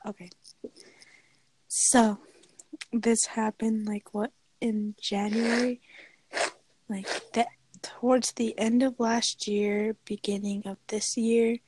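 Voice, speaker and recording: A young woman co-hosting a podcast, chatting casually with frequent giggles and drawn-out fillers into a close mic. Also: fairly high pitch, flat delivery, a little mellow, slightly rough. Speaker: podcast co-host. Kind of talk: casual chat.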